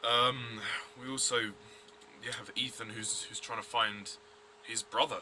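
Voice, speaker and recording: A man's voice: mid-range voice, steady tone, a little slow, sharp tone, a little hiss or hum. A man giving a blunt, rambling review of a TV episode, full of fillers and restarts. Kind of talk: casual review vlog.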